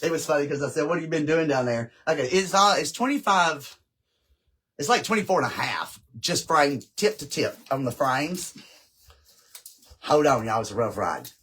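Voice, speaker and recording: A man's voice: a little high, animated, moderate pace, fairly bright tone, breathy edge, low-quality recording. A man hosting a casual craft livestream, chatting and rambling straight to his viewers.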